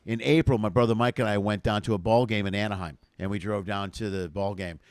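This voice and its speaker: A man hosting a casual comedy chat, animated and foul-mouthed, acting out little bits as he goes. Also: on the low side, fast talker, no echo, clean studio sound. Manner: animated, swears freely, acts out bits. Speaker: host.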